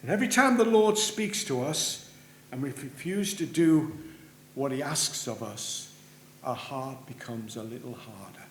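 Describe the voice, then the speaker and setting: A man preaching a sermon in a church, earnest, rising for emphasis and dropping low at the ends of phrases. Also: expressive, unhurried. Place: church sanctuary. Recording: roomy church with faint hum.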